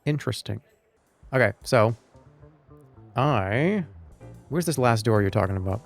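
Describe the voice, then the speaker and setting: Brief: male streamer, gravelly voice, wry rambling chatter to chat, faint music behind. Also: medium pitch, animated, a little slow. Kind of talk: casual live-stream gameplay chat.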